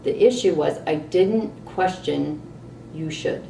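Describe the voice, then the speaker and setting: A middle-aged woman vlogging a candid personal story, animated and exasperated at times. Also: low-pitched, slow, creaky, a little hiss or hum. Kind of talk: personal reflective monologue. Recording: roomy echo, distant mic, faint ambience.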